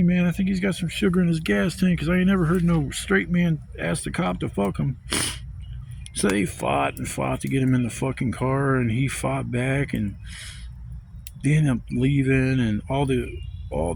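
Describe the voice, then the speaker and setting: A man vlogging from a campsite outdoors, telling a profane, animated story and acting out other people's voices. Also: medium pitch, creaky, slight background noise. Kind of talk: casual storytelling rant.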